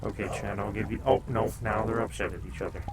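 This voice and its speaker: A relaxed man with a fairly low voice chats casually to his stream viewers at home, sometimes telling his dogs to calm down. The recording is noisy, with dogs and household sounds behind him. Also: fast talker. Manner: laid-back, talks to chat and scolds his dogs. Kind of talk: casual live-stream chat.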